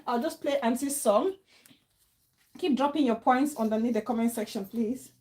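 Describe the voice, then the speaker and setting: A woman's voice: high-pitched, moderate pace, mellow. A woman hosting a casual live talk show, chatting, laughing often and reading out viewer comments. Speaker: livestream talk show host.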